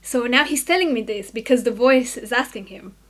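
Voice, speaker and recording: A woman guest on a podcast, telling a story in animated casual chat, often laughing and filling with "like". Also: fairly high pitch, a little fast.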